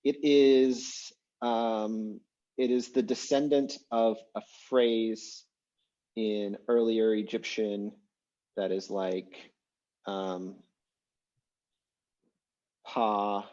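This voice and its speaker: A man teaching an online language class, explaining in a relaxed, chatty way with lots of fillers over a video call. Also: lowish voice, extremely slow, long pauses, muffled recording. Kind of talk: casual online class lecture.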